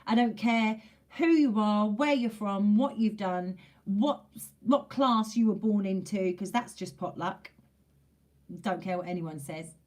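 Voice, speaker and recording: Her mid-range voice is a little mellow and a little slow. As a tarot reader talking straight to camera, she's casual and chatty yet emphatic, repeating phrases to drive things home and dropping the occasional mild curse.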